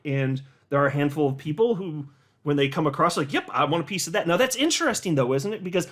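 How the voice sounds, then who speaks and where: A man giving casual, animated commentary as a hobby YouTuber, with sarcastic asides and little rants. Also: high voice. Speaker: crypto YouTuber.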